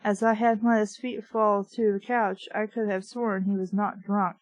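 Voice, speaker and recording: A woman's voice: mid-range voice, flat delivery, moderate pace, no echo. A woman reading a novel aloud with dry, sarcastic asides. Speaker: book reviewer reading aloud.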